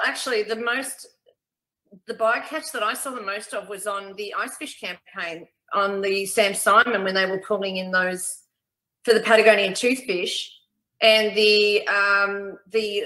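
A woman hosting a casual panel chat, halting and searching for words as she recalls time at sea. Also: mid-range voice, sharp tone, echoey room, poor audio.

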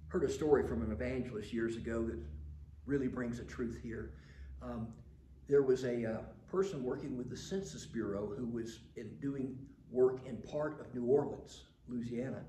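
Older pastor preaching in a roomy hall. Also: male voice, mid-range voice, normal speed, a little hiss or hum. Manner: warm storytelling, building to emphatic passages. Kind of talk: sermon.

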